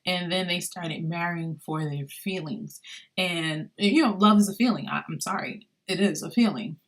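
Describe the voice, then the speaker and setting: A woman's voice: on the low side, moderate pace. A woman hosting a podcast, talking casually on her own, with lots of fillers as she retells conversations. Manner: conversational, many fillers, animated retelling of dialogue. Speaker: podcast host. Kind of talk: casual solo podcast monologue.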